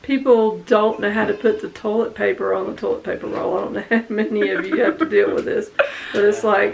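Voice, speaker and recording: A woman's voice: mid-range voice, steady tone, fairly quick, gravelly, a little hiss or hum, low-quality recording. A middle-aged woman, the vlogger's mother, chatting casually and mocking other people in quotes. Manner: laid-back, mocking quotes. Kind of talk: casual chat.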